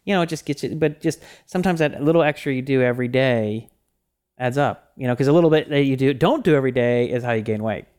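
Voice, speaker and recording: A man's voice: mid-range voice, fast talker, a little mellow, clear, resonant tone. A man co-hosting a podcast in casual chat. He rambles, with lots of fillers and restarts. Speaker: podcast co-host.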